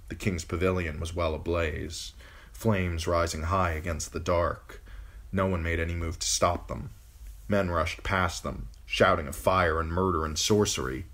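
Brief: low-voiced man, steady amateur audiobook narration. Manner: measured storytelling narration. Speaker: audiobook reader.

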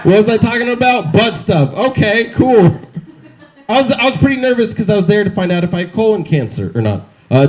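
A stand-up comedian in his twenties performs outdoors in the rain on a handheld stage mic, delivering wry, self-mocking punchlines. His voice is high and a little mellow.

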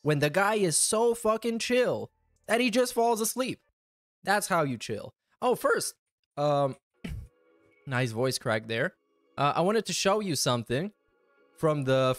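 A man's voice: a little high, big pitch swings, slow, pauses often, no room sound, soft background music. A man hosting a casual commentary show, talking in a sarcastic, mocking way. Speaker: host.

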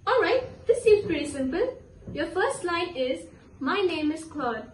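A woman playing an impatient French tutor, slow and deliberate, in an amateur comedy skit. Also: very high voice, big pitch swings, far from the mic, exaggerated voice. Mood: exasperated. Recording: echoey room, from the mic.

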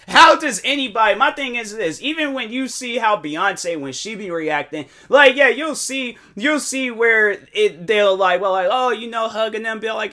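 A young man, a content creator, talking casually in a rambling, animated way with many fillers and restarts. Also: high-pitched, moderate pace. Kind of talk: casual monologue.

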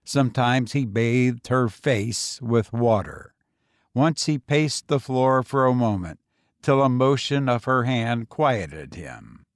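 Slow, deliberate male storyteller. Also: mid-range voice, expressive, no room sound, studio quality. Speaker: narrator. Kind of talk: audiobook story reading.

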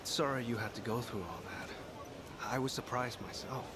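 A man voices a courteous, earnest video-game character at a mid pitch who speaks with polite restraint. Clear background noise sits under the game audio. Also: moderate pace, close to an everyday voice. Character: polite, earnest young man, helpful and modest.

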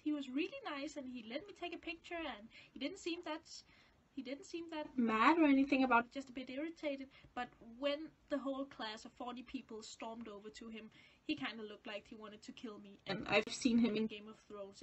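A teenage girl from Denmark with a high, light voice tells a story to camera in casual English. She speaks it as a second language. Her chatty, rambling way of talking pokes fun at herself. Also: fairly bright tone. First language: Danish. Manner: chatty, self-deprecating, rambling. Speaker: vlogger.

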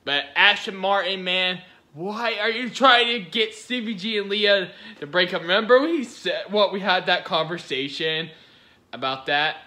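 A man's voice: high voice, a little slow, pushed and bright. A man giving giggly, rambling reaction-video commentary, gushing over what he watches.

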